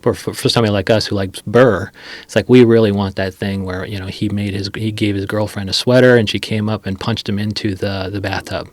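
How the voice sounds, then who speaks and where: Fast-talking male interviewer, low voice. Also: fairly even intonation, no echo. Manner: fast, long rambling questions. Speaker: podcast host. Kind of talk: casual interview. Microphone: studio mic.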